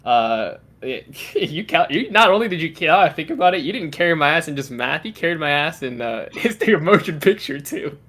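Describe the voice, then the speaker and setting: A man's voice: a little high, very animated, fairly quick, few pauses, fairly bright tone. A young man co-hosting a podcast, telling a story in casual chat with constant swearing. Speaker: podcast co-host.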